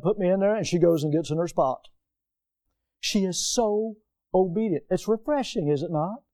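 A pastor preaching with lots of movement and homespun stories. His voice sits high for a man but sounds soft and mellow. He delivers his sermon from a church pulpit. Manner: animated, moves around the pulpit, folksy storytelling. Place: church sanctuary.

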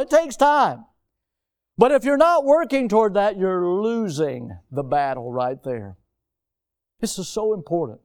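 A middle-aged man preaches with an emphatic, high-set voice that jumps from near-shouting to a hushed hush. He keeps asking the congregation questions and repeating points to drive them home. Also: big pitch swings, slow, long pauses. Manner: emphatic, rhetorical questions, swings between loud and hushed. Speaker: pastor. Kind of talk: sermon.

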